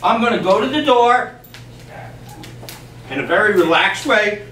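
A man training a dog on camera, explaining each step calmly and emphatically and breaking off to speak to the dog. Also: high-pitched, measured pace. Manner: calm, emphatic, talks to the dog in between. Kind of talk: on-the-spot training demonstration. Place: yard and doorway of a house. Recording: distant, echoey camera audio with background noise.

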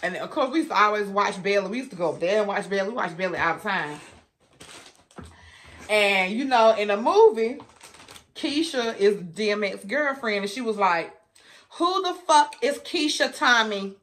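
A woman's voice: medium pitch, animated, moderate pace. Chatty woman telling a story. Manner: chatty, addresses viewers as y'all, laughs often. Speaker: food vlogger. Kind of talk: casual storytelling to viewers.

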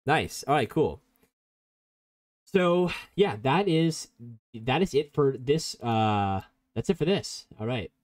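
A man's voice: mid-range voice, animated, slow pace, no echo, clean studio sound. A man teaching a live online coding workshop in a casual, rambling way, reacting to chat and prone to giggling. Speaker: workshop instructor.

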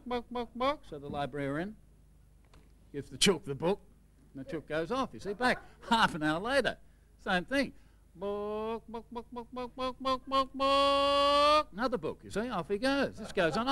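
Bright, high-voiced Australian comic host. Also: male voice, a little hiss or hum. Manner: chuckling, playful storyteller. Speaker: host reading viewer jokes. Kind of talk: comic joke-telling.

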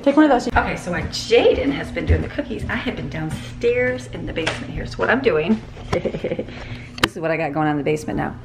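With lively intonation and a brisk pace, a middle-aged woman chats cheerfully as she vlogs from her kitchen and basement on a handheld camera, with music playing underneath. This mother coos at her dogs in a high sing-song voice, and the home audio is noisy.

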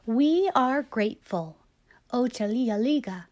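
A woman's voice: on the high side, lively intonation, drawn-out words. A woman doing a cheerful puppet storyteller. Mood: storytelling. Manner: bright, gentle, teacherly. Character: cheerful puppet reading buddy. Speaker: storyteller, show host. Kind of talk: reading a picture book aloud to children.

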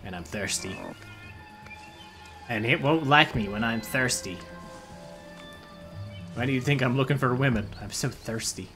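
A man's voice: medium pitch, a little slow, long pauses, a bit bright, soft background music. A man, giving casual gameplay commentary as a streamer, swearing freely and laughing often.

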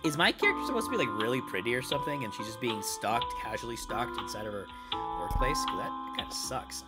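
Excitable swearing woman gaming over loud music. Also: a bass voice, fast. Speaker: gaming video host. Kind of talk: horror game let's play commentary. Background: game music.

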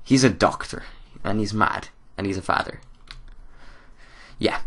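A man's voice: on the low side, measured pace, pauses often, fairly bright tone. A man casually commenting on a horror game he plays, rambling with lots of ums and giggles, into a desk microphone. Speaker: let's play gamer. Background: faint game music.

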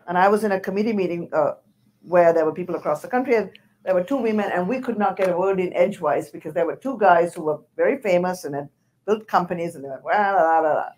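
An older woman, a panel guest, telling anecdotes in a lively way and laughing through her points. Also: lowish voice, quick pace. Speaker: panel guest, former university president.

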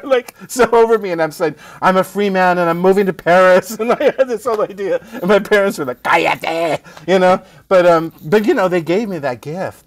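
Here the same kind of guest, a middle-aged playwright, spins stories in relaxed conversation with frequent laughter and "right?" tags. His voice is high, with no echo.

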